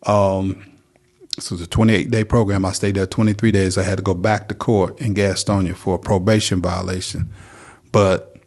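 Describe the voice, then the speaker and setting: A man's voice: low-pitched, little pitch movement, normal speed, darkish tone. A middle-aged man from North Carolina, telling his recovery story as a guest in an earnest, plainspoken way. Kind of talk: personal recovery testimony.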